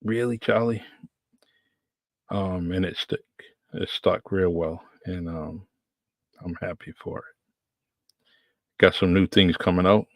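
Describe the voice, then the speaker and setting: A man's voice: low-pitched, little pitch movement, slow, pauses often, no echo. A man with a New England accent hosting his podcast in a casual, rambling solo chat, repeating himself as he goes. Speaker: podcast host.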